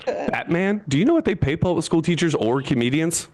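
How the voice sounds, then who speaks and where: A man in his thirties from Florida doing a stand-up comedy set from his seat on an online show, jumping into high voices when he quotes people. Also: expressive, fairly quick, darkish tone. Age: 30s.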